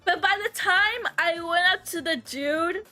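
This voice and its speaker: Very high, bright-voiced excitable woman streamer. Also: unhurried, soft background music. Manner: animated and excitable, swears freely, laughs often. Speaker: VTuber streamer. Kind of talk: casual livestream chat.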